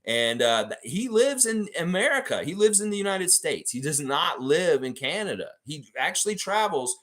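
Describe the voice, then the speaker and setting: A man's voice: fairly high pitch, very animated, normal speed, fairly bright tone. A man hosting a live stream, reading viewer comments and rambling through his thoughts with frequent restarts. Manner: rambling, thinking aloud with restarts. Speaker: livestream host reading chat. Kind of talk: casual live chat.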